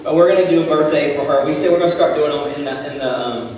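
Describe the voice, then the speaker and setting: A man in his thirties telling a humorous family story with a lesson to high school students, poking fun at himself and acting out dialogue. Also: fast, darkish tone, slight background noise. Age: 30s. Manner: self-deprecating humor, acts out dialogue. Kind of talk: casual storytelling talk with a life lesson. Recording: echoey hall, voice from far off.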